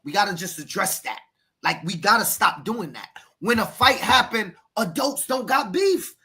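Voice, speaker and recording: Bright-voiced fired-up American football coach. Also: male voice, high voice, lively intonation, normal speed. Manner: emphatic, preachy, repeats words and addresses co-host by name. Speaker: youth football coach and podcast host. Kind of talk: passionate podcast talk.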